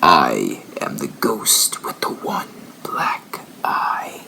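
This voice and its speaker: A man voicing a menacing ghost from a basement in a spooky story, in a slow, drawn-out whisper. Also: rumbling low, sing-song, sharp tone, pitched below the performer's own voice, exaggerated voice. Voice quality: gravelly whisper. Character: menacing one-eyed basement ghost, creepy.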